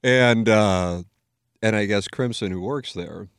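Low-voiced joking podcast host man. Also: slow pace, smooth, no room sound, studio quality. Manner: joking, swears freely, self-mocking. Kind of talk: casual podcast chat. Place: podcast studio.

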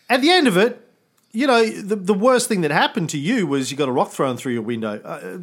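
A man's voice: high voice, animated, normal speed, long pauses, a bit bright, slightly rough. A man co-hosting a history podcast, telling history as an irreverent, profane story with homespun analogies. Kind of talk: casual history podcast chat.

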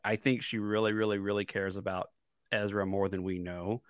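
A man co-hosting a casual fan podcast, talking excitedly, stumbling over repeated words and laughing often. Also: fairly low pitch, moderate pace, clean tone, no room sound, clean studio sound. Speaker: podcast co-host.

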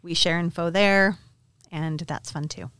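A woman's voice: lowish voice, fairly even intonation, unhurried, fairly bright tone. A woman co-hosting a podcast in casual, enthusiastic chat, with a slight New York accent. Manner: enthusiastic, chatty, grateful. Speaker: podcast co-host.

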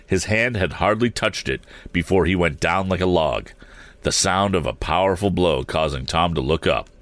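Man reading a story aloud, really low voice, dry close sound, fixes little slips as he goes. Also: moderate pace, dry recording. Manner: steady reading with occasional slips and restarts. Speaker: audiobook reader. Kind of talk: storybook narration.

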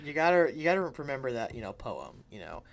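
A man's voice: medium pitch, very animated, fast, creaky, crowd noise. A man co-hosting a casual comedy podcast, teasing his partner with wry remarks. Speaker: podcast co-host.

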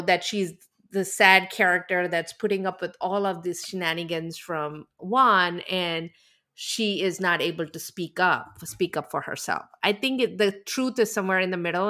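Female podcast co-host, bright tone, opinionated gossip chat. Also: fairly low pitch. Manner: animated, opinionated, laughs often. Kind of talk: casual chat about reality TV.

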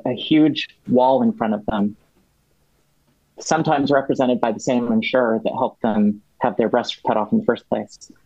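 A man on as a guest, explaining policy at length in a halting way, with many restarts and fillers. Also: mid-range voice, dark tone, no echo, dull audio. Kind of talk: explaining policy in a podcast chat.

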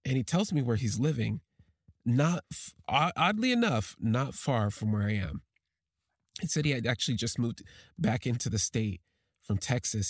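Halting husky man telling a personal story. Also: fairly low pitch, a little mellow, dry recording, clean studio sound. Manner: halting, emotional, with many restarts. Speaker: podcast storyteller.

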